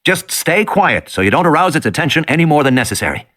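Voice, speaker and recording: Male reader playing a scared boy, high and pushy, barking orders. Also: big pitch swings, fast, fairly bright tone. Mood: urgent. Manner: urgent, commanding. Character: young boy, scared but trying to take charge.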